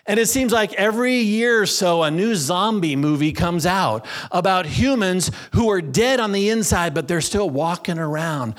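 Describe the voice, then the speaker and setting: A middle-aged man preaching a sermon, slowing down and stressing each phrase of the scripture he quotes. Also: fairly high pitch.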